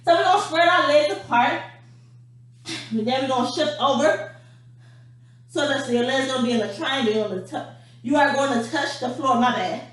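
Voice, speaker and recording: Woman dance coach, breathless and chatty, higher voice, roomy distant recording. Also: moderate pace, long pauses. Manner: energetic, chatty, calls viewers honey and darling. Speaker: dance instructor. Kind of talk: home workout instruction. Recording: very echoey room, mic far off, faint hum.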